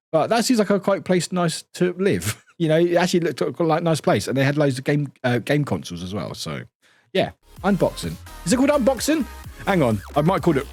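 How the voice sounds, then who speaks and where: A man's voice: fairly high pitch, darkish tone, no room sound. A man streaming live, chatting casually in a rambling way, swearing offhandedly and laughing often between remarks. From United Kingdom. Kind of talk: casual chat while gaming live.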